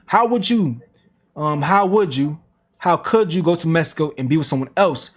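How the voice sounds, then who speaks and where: Guy with a higher voice reading out texts on stream, throws in slangy comments. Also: lively intonation, normal speed. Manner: plain reading broken by slang asides and laughs. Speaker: reaction streamer. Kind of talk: reading texts aloud and reacting.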